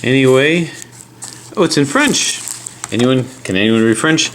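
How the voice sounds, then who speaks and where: A man's voice: mid-range voice, animated, a little slow, fairly bright tone, a little hiss or hum. A middle-aged American man talking casually as he explains and unboxes puzzles. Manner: chatty, talks while handling puzzles. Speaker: puzzle channel host.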